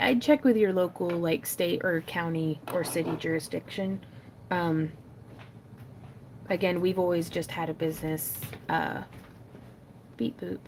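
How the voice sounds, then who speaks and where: Woman, craft stream host, rambling chat, slightly gravelly, faint background noise. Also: medium pitch, rough recording. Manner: chatty, rambling, laughs often, many fillers. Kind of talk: casual chat while making jewelry.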